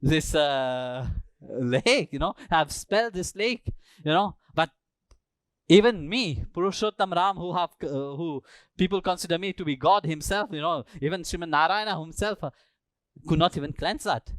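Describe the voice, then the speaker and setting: A man's voice: fairly high pitch, moderate pace, no room sound, close to an everyday voice. A man voicing a divine prince, speaking in a playful, mock-puzzled, pleading way. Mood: cheeky. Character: divine male prince, gently cheeky.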